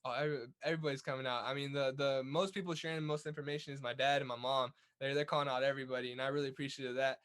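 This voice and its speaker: A man's voice: medium pitch, fairly even intonation, rapid-fire, hardly any pauses, fairly bright tone, smooth. A young man from California's Central Valley, a guest telling stories in a casual interview, upbeat with many restarts. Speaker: guest, Olympic boxer.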